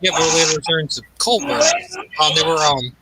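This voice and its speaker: Guy rambling excitedly with lots of ums, voice on the higher side, noisy background hiss. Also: brisk. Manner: rambling, excitable, thinking aloud with many fillers. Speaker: gaming channel host. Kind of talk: casual chat while gaming.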